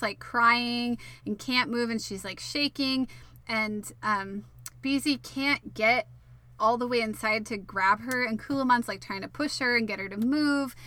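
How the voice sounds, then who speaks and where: A woman's voice: a little high, bright, forceful tone, no room sound. A woman giving a casual episode recap, full of fillers, wry asides and the odd swear word. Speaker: show recapper.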